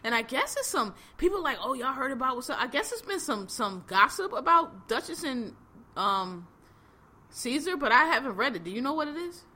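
Woman, podcast host, bright voice, blunt slangy chat, lots of fillers. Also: high-pitched, big pitch swings, moderate pace. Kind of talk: casual chat recapping reality TV.

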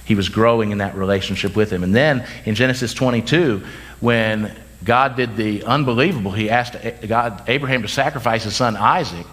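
Man, pastor, sermon, low-pitched, chatty asides, tired. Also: a bit bright. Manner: conversational preaching, quick asides and self-corrections.

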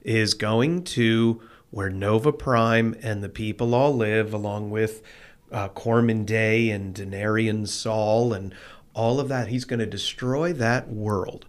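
A man's voice: lowish voice, fairly even intonation, takes it slowly. A man co-hosting a casual podcast, retelling movie scenes with animation and reading scripture passages aloud. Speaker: podcast co-host. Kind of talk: casual film discussion podcast.

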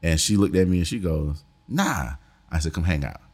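Deep-voiced man telling a story. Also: fast, a little mellow. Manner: laid-back, slangy, laughs through his stories. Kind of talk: casual storytelling chat.

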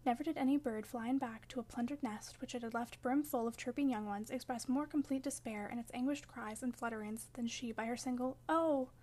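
High-voiced woman reading a classic novel. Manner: measured, expressive first-person storytelling. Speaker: audiobook narrator. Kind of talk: audiobook narration of a classic novel.

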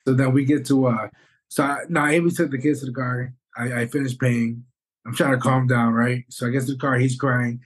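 A man co-hosting a podcast, telling a story in an animated, rambling way and swearing often. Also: medium pitch, brisk, breathy edge. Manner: animated, rambling, swears, says "bro" and "you know what I'm saying". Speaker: podcast co-host. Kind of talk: casual storytelling chat.

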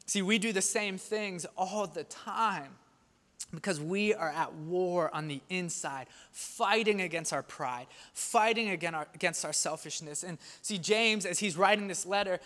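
Bright-voiced pastor preaching in a hall. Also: male voice, high voice, unhurried. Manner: conversational, animated storytelling with rising intensity. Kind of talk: sermon. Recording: long hall reverb.

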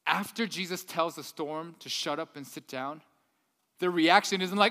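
A man preaching a sermon as pastor, swinging between loud, emphatic peaks and quiet, hushed stretches. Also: a little high, moderate pace. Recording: echoey hall.

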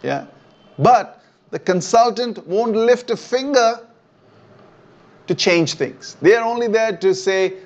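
A man with a high voice preaches to an online church. He talks in a loose, conversational way and keeps checking in with his listeners. The recording sounds dull and lo-fi. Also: lively intonation, slow, pauses often. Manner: conversational, checks in with "okay?" often. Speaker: pastor. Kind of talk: sermon. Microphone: online church stream.

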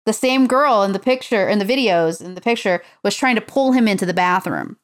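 A woman in a loose podcast conversation, her voice at a medium pitch. She gossips freely, leans on "like" constantly and drops casual swears. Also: animated, brisk. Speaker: podcast co-host. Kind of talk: casual chat about a reality show.

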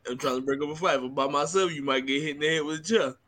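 A man's voice: on the high side, very fast, a bit bright. A man in casual podcast chat who questions the others with skepticism and then starts his own story. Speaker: podcast co-host.

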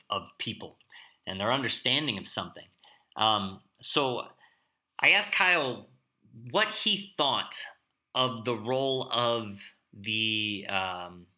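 Bright-voiced male podcast host. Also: lowish voice. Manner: reflective, conversational, with fillers. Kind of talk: casual podcast interview and outro.

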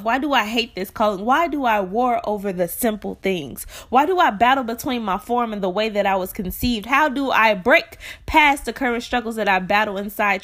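A woman performing a spoken word poem like a prayer, impassioned, moving between hushed lines and crying out. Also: fairly high pitch.

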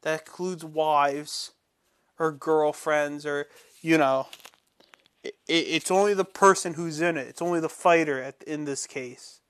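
A man with a somewhat high-pitched voice talks loosely as the host of a casual commentary show. He rambles, backs up and restarts his sentences, and lays out firm opinions. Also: steady tone, measured pace, fairly bright tone.

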